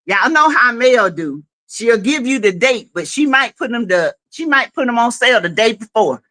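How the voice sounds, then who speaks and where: A woman hosting a casual livestream, chatty and quick to laugh, calling her viewers y'all and honey. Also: on the high side, expressive, bright, forceful tone. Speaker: livestream host.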